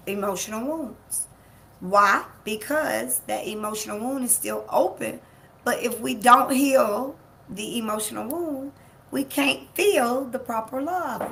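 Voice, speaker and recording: A woman's voice: a little high, vocal fry, a bit bright, a little hiss or hum. A woman life coach hosting a live-streamed motivational talk. She speaks emphatically, repeats key phrases, and talks straight to her audience. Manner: laughs easily, chats with people in the room. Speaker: life coach and show host.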